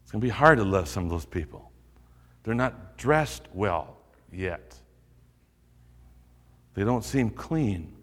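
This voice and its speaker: A man's voice: fairly low pitch, expressive, slow, pauses often, in a large hall. A male pastor preaching a sermon, earnest and urging, repeating phrases for emphasis.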